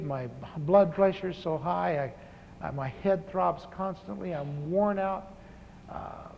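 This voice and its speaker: A man in his fifties, a pastor, telling his personal testimony in a relaxed, humorous storytelling manner, with frequent restarts. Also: high-pitched, gravelly, a little hiss or hum. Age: 50s. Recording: echoey hall, dull lo-fi tape.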